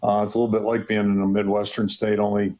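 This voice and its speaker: A man's voice: on the low side, completely flat delivery, fast talker. A man in his sixties, a head football coach from Western Pennsylvania, chatting casually on a radio show with a rambling, folksy manner full of fillers. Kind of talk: casual radio call-in chat. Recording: dull lo-fi radio broadcast sound.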